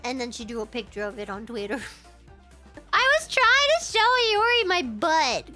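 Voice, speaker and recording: Young woman, streamer, high and bouncy voice, giggly, faint music behind. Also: moderate pace. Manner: giggly, animated, breaks into laughter. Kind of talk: casual storytelling on a stream.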